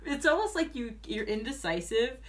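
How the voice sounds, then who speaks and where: A woman's voice: a little high, very animated, moderate pace. A woman doing a casual tarot reading, chatty and full of fillers, often breaking into giggles. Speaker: tarot reader. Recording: voice a bit far from mic, faint noise.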